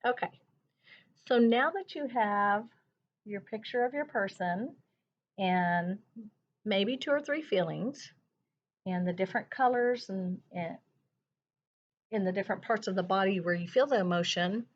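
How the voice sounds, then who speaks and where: Gentle woman teacher, dull lo-fi sound. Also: mid-range voice. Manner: slow, soothing, thinking aloud with soft hums. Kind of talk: gentle classroom lesson on feelings.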